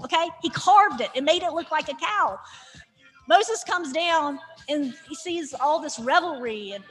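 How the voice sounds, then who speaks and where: A woman with a high voice gives a lively, sarcastic Bible lesson, slipping in jokes as she goes. Her voice rings out through a large hall with a long echo. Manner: lively, sarcastic, acts out characters. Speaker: Bible teacher. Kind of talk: humorous Bible teaching. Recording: reverberant hall.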